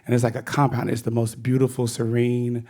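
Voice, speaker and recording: A man from Georgia with a Southern US accent, chatting in a relaxed, laughing way between songs in a radio studio. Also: mid-range voice, brisk. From Georgia, United States. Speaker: singer-songwriter guest. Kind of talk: casual chat between songs. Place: radio studio with a live audience. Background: live band music.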